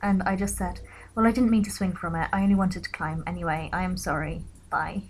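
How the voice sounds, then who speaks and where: A young woman in her late teens recounting a personal story in a quiet, reflective way, sometimes dropping to a whisper. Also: fairly low pitch, fairly even intonation, brisk, a little hiss or hum, low-quality recording. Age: young adult. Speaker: vlogger.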